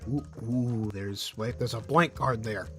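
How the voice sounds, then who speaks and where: Man, streamer, unhurried casual chat, rambling and a bit profane, mid-range voice. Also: mid-range voice, soft background music. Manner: rambling, loose and profane, with laughs and restarts.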